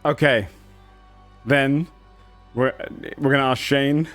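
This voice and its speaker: A man's voice: medium pitch, steady tone, takes it slowly, fairly bright tone, faint music behind. A man hosting a tabletop game stream as game master, chatty and laughing often. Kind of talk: casual chat.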